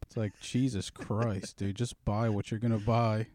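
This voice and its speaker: A man's voice: fairly low pitch, level tone, a little slow, darkish tone, dry recording, studio quality. A man telling a story in a casual podcast chat, swearing freely and teasing his co-host.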